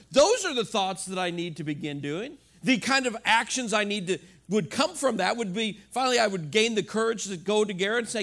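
A middle-aged male pastor giving an animated, conversational sermon full of rhetorical questions. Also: high-pitched, brisk, few pauses.

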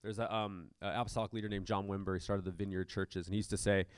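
A man preaching from a church stage, his voice sitting low and pretty dry up close on the mic. He talks in a loose, conversational way, full of ums and restarts. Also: level tone, quick pace, smooth, no echo. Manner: conversational, many fillers and restarts. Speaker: pastor. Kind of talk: sermon.

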